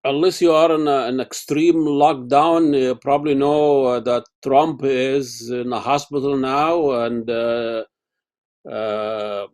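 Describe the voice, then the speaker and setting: An interview host chats casually over a video call, speaking haltingly with many fillers and restarts. His mid-range voice is darkish in tone with fairly even intonation.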